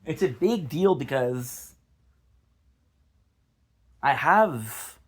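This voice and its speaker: A man's voice: mid-range voice, expressive, extremely slow, husky. A young man vlogging to his viewers about a lost recording, frustrated, swearing, repeating himself and apologizing. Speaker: gaming vlogger. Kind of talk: casual vlog talk to viewers.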